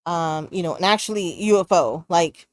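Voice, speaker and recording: A woman co-hosting a podcast, telling a personal ghost story in casual chat. She is animated and excitable, and uses many fillers and restarts. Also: fairly low pitch, moderate pace, no echo. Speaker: podcast co-host.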